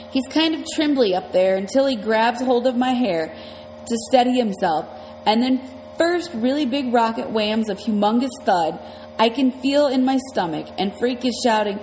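A woman's voice: fairly high pitch, lively intonation, normal speed, darkish tone, big-room sound, slight background noise, low-quality recording. A woman reading a novel aloud in the first person, in a casual, slangy storytelling manner. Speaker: audiobook narrator.

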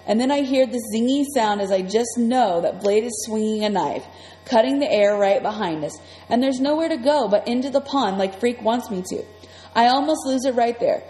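A woman's voice: a little high, warm tone. Woman reading a story aloud, reverb-heavy. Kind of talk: first-person story reading. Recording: long reverb, faint music.

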